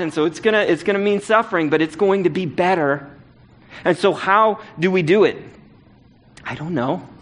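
Middle-aged guy preaching, earnest storyteller, bit higher voice, gets emphatic. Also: fairly bright tone. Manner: earnest storytelling, rising to emphatic repeated exhortation. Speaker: pastor. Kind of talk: sermon.

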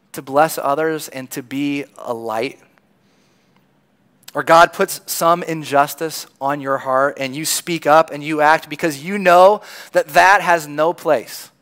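A man's voice: fairly high pitch, a bit bright. A man preaching a sermon in a conversational storytelling manner, acting out the lines of people in the crowd. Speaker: pastor.

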